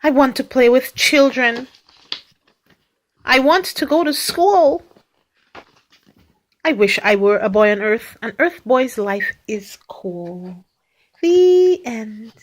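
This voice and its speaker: A woman's voice: fairly high pitch, slow, pauses often. A woman reading picture books aloud to a young child, playfully acting out animal noises and sound effects.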